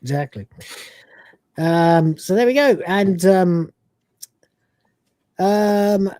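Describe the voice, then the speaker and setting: A male podcast host in casual chat, rambling through his points with plenty of fillers. His voice is mellow and darkish, recorded dry and close. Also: on the high side, dry recording. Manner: rambling with many fillers, acts out quoted lines.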